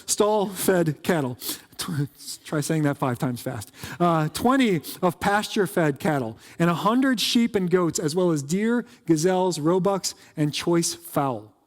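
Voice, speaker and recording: A man preaching in a church, his voice sitting a little high and trailing off into a long reverb. He talks casually, tossing in jokes and quick asides as pastor. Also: lively intonation. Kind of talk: conversational sermon. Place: church sanctuary.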